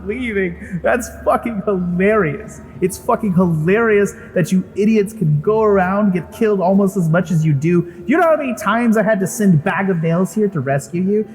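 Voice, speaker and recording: A contemptuous villainess who sneers and swears at her foes, put on by a game master in a mid-pitched male voice. She gloats in a tabletop role-play podcast, over faint background music. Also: animated, moderate pace, warm tone, close to an everyday voice, rough recording. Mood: gloating. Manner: taunting, mocking, swears freely. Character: smug scheming female villain, contemptuous.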